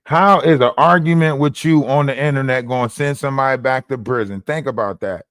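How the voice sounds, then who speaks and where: A man's voice: mid-range voice, a little fast, fairly bright tone, clear, resonant tone, no echo, studio quality. A man hosting a livestream, ranting in a mocking, profane way and repeating lines for emphasis. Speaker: livestream host. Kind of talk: heated livestream rant.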